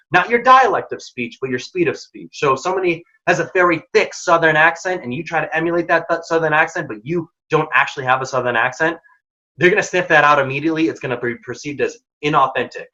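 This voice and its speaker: A man leads a career workshop with a bright, forceful voice pitched a little high. He talks casually and with energy, pressing his points hard. The recording sounds dull and lo-fi. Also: quick pace. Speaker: workshop presenter. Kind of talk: career advice talk.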